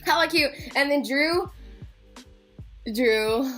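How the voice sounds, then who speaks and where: A young woman tells a rambling concert story straight to her vlog camera. She sits high in her register, chatty and loose with her swearing. Faint music plays quietly in the background. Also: slow pace. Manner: chatty, swears freely, acts out quotes, laughs. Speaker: concert vlogger.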